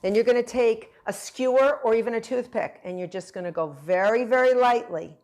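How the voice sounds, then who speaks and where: A woman's voice: a little high, brisk, darkish tone. Woman, middle-aged, cooking instructor; playful, encouraging demo patter. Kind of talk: cooking demonstration.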